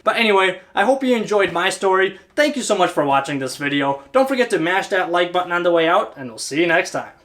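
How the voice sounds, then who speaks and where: Chatty, fairly high-voiced man. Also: sing-song, fast, hardly any pauses, fairly bright tone. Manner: chatty, keeps asking "right?". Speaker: HVAC technician and channel host. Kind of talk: casual storytelling to camera.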